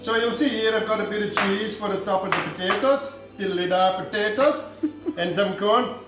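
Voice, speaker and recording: Irish guy doing a goofy cooking bit, rambly deadpan jokes, really echoey kitchen, faint music behind. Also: high voice, brisk. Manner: jokey, rambling, deadpan asides. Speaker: home cooking show host. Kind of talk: comic cooking demonstration. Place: home kitchen.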